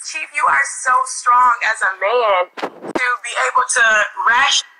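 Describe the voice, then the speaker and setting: A young woman caller on a live stream, talking casually and effusively, piling on praise. Her voice is very bright and slightly high. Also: a little slow, a little hiss or hum, poor audio. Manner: gushing and effusive, full of 'like'.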